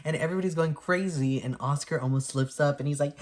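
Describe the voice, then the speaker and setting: A young woman recaps a movie in a loose, chatty vlog, laughing between sentences. Her voice sits low. She drops into playful impressions of the characters as she goes. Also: fast talker, darkish tone. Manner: chatty, laughing, acts out quotes. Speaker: movie reviewer and vlogger. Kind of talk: casual chat.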